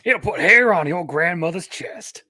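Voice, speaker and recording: A man's voice: high voice, animated, moderate pace, pushed and bright, dry recording. A man on a podcast panel, throwing in wry, teasing quips in casual chat.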